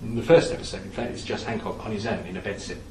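A man's voice: fairly low pitch, fairly even intonation, fast, darkish tone. Man telling theatre stories in echoey room. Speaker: speaker on theatre history. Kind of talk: lecture-style storytelling. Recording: echoey room from some distance, faint background noise.

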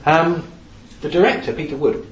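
A man giving a lively, anecdotal talk in a lecture-style storytelling manner. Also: a little high, normal speed. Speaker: speaker on theatre history. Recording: echoey room from some distance, faint background noise.

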